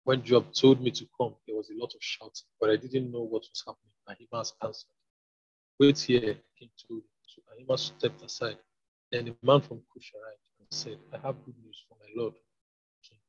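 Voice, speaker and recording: Male scripture reader, mid-pitched, slightly husky, dull lo-fi sound. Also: fairly even intonation, normal speed, no room sound. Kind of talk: Bible reading. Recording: dull lo-fi recording.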